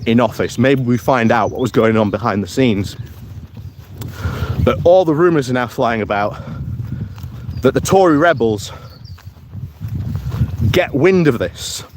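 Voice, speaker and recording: A man's voice: mid-range voice, lively intonation, measured pace, pauses often, noisy background. A man giving casual political commentary on a live stream while out on a morning walk. He talks in a chatty way, chuckles often and reads out viewer comments. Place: outdoors in the countryside on a walk.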